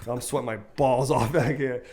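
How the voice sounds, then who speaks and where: A man's voice: mid-range voice, moderate pace, a crowd in the background. A young man co-hosting a podcast, telling a personal story in casual chat, swearing freely and acting out the people he quotes. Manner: animated, swears often, acts out quotes. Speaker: podcast co-host.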